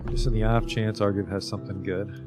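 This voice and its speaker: Guy with a lowish voice streaming a game, chatty, swears a bit, faint music behind. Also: level tone, fairly quick. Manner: chatty, swears casually, reads item text aloud. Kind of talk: casual livestream commentary.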